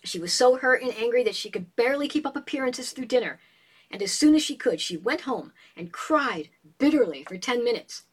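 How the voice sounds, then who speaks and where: Animated woman storyteller, book chat co-host, husky and a touch high. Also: brisk. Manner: animated storyteller, reads passages aloud. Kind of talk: casual book discussion.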